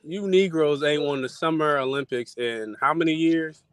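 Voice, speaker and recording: A man's voice: fairly high pitch, normal speed, fairly bright tone, clear, resonant tone, no room sound. Teasing man, slangy banter. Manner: laid-back, teasing, slangy, laughs often. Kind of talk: comedic casual banter.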